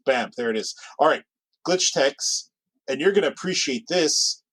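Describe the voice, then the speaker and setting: A man co-hosting a podcast in casual chat, rambling along with restarts and quick asides. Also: fairly high pitch, animated, a bit bright, husky, poor audio. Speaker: podcast co-host.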